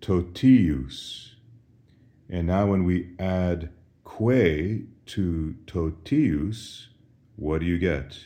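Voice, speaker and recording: A priest with a very deep voice leads a Latin lesson at an unhurried crawl. He asks each question and then answers it himself, pronouncing every syllable deliberately. His tone is dark and mellow. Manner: careful, precise pronunciation. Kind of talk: slow Latin drill lesson.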